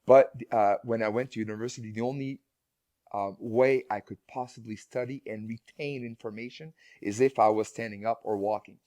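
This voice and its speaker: A man's voice: on the low side, steady tone, moderate pace, warm tone, no echo. Rambling male guest with restarts. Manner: rambling, many restarts and repeated words, laughs often. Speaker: guest speaker. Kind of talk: casual conversational interview.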